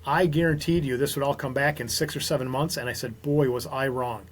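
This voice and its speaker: A man, a small business owner from Minnesota, talking as a podcast guest and telling lively stories with quoted dialogue. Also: mid-range voice, fast talker, slightly rough. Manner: animated storyteller, quotes others in dialogue. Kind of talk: casual podcast conversation.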